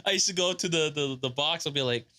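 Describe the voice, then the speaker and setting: Giggly young man, high bright voice. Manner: laughing, halting, repeats himself while telling anecdotes. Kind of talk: casual chat among friends.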